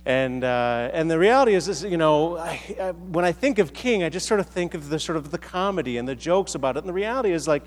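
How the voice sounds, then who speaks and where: A man's voice: on the high side, animated, fast, hardly any pauses. An American man preaching a sermon in a large hall, conversational and self-deprecating, with frequent restarts. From United States. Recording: echoey hall.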